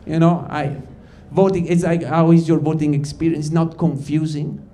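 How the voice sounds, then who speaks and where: A man's voice: on the high side, level tone, moderate pace, mellow, a little hiss or hum. A man from Ticino, Switzerland, performing a stand-up comedy set on stage, rambling and stopping himself mid-sentence as he talks to the crowd. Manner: rambling, self-interrupting, addresses crowd as guys. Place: comedy stage before a live audience.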